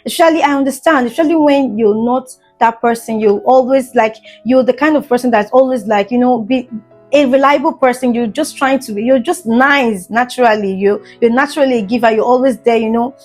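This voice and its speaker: A woman's voice: fairly high pitch, a little fast, a little mellow, soft background music. A young woman vlogger talking earnestly to camera in a casual storytime monologue, full of fillers and repeated "do you understand?" checks. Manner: earnest, emphatic, keeps asking "do you understand?"; fillers and restarts, gets emotional at times.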